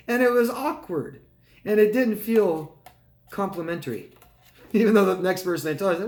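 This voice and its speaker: A man working as a life coach, answering viewer questions live in a calm, conversational way. He keeps checking in with "right?" and "okay?". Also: high-pitched, normal speed, long pauses, echoey room. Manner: calm and reassuring when advising.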